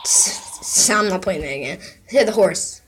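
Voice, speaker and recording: A woman's voice: lowish voice, animated, normal speed, heavy background noise. A woman vlogger in casual chat, playing sound effects from an app and reacting with giggly, playful commentary.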